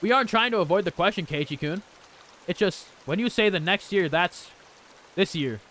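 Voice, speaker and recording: A calm woman from a visual novel, speaking low and soft to settle a panicked boy, as a man reads her lines aloud. Her words come slow and even, with no edge to them. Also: slight background noise.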